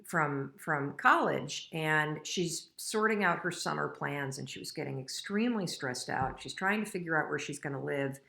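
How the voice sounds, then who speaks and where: A woman's voice: on the low side, a bit bright. A middle-aged woman hosting a casual live stream, talking frankly and motivationally and getting emotional and choked up. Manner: emotional, gets choked up and tearful. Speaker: host.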